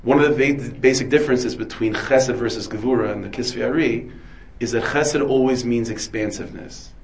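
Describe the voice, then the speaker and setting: A man's voice: medium pitch, a little fast, a little hiss or hum, rough recording. Man giving a rambling Torah lecture. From United States. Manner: digressive, asks and answers his own questions; dense with Hebrew and Yiddish terms. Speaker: rabbi.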